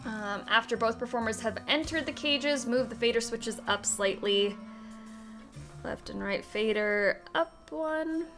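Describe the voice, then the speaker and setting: A woman's voice: on the high side, measured pace, music in the background. A woman hosting a video game let's-play, chatting casually, reading instructions aloud and giggling often. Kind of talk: casual gameplay commentary.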